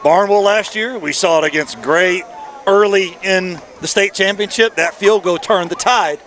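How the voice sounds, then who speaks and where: A man doing folksy, lively play-by-play for a high school football game at an outdoor stadium. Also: moderate pace. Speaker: play-by-play announcer. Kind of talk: sports commentary.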